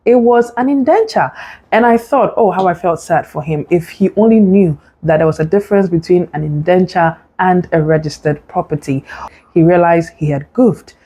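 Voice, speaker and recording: A woman's voice: lowish voice, mellow. A woman, a property advisor telling a story and giving earnest, instructive advice. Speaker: real estate advisor. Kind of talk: advice talk to camera.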